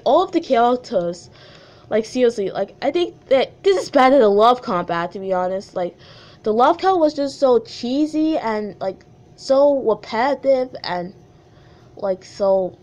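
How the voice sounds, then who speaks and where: Chatty woman reading her old story, slowish, a bit high, rambly and giggly. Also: darkish tone. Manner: chatty, filler-heavy, giggly. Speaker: channel host reading her childhood story. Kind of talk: casual read-aloud with commentary.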